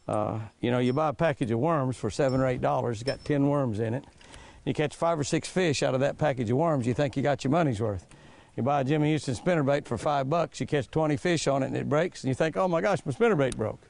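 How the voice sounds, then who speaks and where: An older man hosting a fishing show from a boat, talking in a folksy, chatty way and exclaiming loudly as fish strike. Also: medium pitch, fast, vocal fry, slight background noise. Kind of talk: excited on-the-water commentary.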